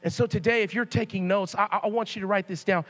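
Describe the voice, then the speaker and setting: A young male youth pastor with a notably high voice tells a church sermon as a casual, animated story. He keeps it loose and slangy, like he's talking to friends. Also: fast.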